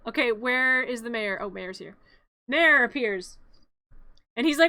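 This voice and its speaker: High bright giggly woman streamer. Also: animated, unhurried, pauses often, dry recording. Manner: rambling, giggly, self-correcting. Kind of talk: playful narration of a cartoon.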